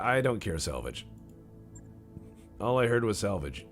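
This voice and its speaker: A man's voice: lowish voice, big pitch swings, unhurried, soft background music. A man streaming a game and talking casually, rambling in a joking, mock-serious way.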